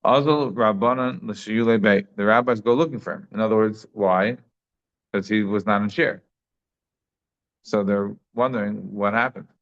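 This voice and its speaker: A man's voice: lowish voice, fairly even intonation, normal speed. A man giving a daily Talmud class in a conversational way, thinking aloud with frequent restarts. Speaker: Talmud teacher. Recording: slightly dull lo-fi sound.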